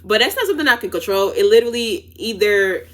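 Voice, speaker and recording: A woman with an accent that mixes African and New York sounds tells a storytime at home. Her pitch sits in the middle, and her talk is animated, full of restarts and trailing "da da da" fillers. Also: fast. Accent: African and New York-tinged. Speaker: vlogger telling a story. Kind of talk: casual storytime.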